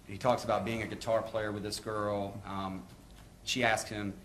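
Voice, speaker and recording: A man's voice: lowish voice, little pitch movement, normal speed, fairly bright tone, slight background noise. A man, a prosecutor, questioning a witness in court with methodical, leading questions.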